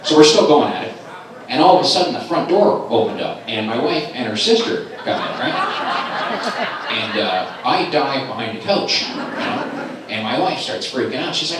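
A middle-aged man doing a stand-up set at a comedy club, telling stories animatedly and jumping into high squeaky voices for other people. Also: expressive, normal speed. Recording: live club recording from a distant mic, with an echoey room and crowd noise. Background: audience laughter.

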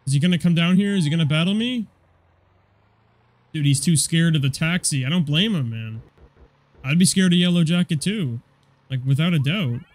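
A young man giving casual, profane commentary over a car combat game, rambling and quick to get annoyed. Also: fairly high pitch, a little mellow. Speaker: gameplay commentator.

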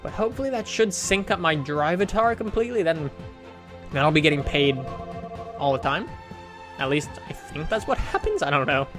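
A man commenting on his racing game play in a chatty, self-mocking way, with sudden excited outbursts. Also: a little high, normal speed, music in the background. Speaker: gaming channel host.

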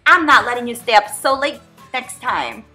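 A woman playing a family roleplay game, talking in an animated, excitable, bossy mom tone. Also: fairly high pitch, normal speed, echoey room, faint music behind. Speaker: roleplay player voicing the mom figure. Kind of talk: playful game roleplay narration.

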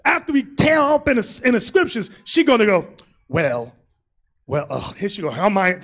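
A man preaching as a bishop in a loose, comic style, animated and often shouting, acting out quotes. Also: very high-pitched, moderate pace.

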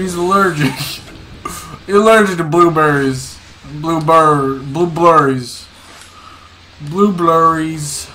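Young man, gaming commentary, slow drawl, slightly high voice, faint noise behind. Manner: excitable, swears often, talks to himself and repeats words. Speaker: gaming streamer. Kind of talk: casual gameplay commentary.

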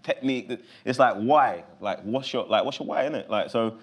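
A man with a London accent, answering interview questions in an animated, loose way full of casual fillers. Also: medium pitch, brisk. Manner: animated, loose, full of fillers like "you know what I'm saying". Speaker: actor guest.

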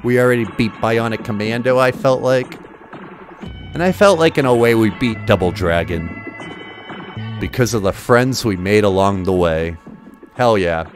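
A fairly low-voiced man talks through an old console game in a loose, joking stream, cursing at setbacks and hyping himself up. Faint chiptune music plays behind him. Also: moderate pace, pauses often. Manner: excitable, swears often, jokey self-talk. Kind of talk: casual game commentary.

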